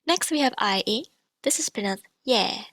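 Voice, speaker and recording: A woman language teacher explaining pronunciation in a clear, patient, scripted lesson, demonstrating each sound. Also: a little high, lively intonation, moderate pace, fairly bright tone, no echo.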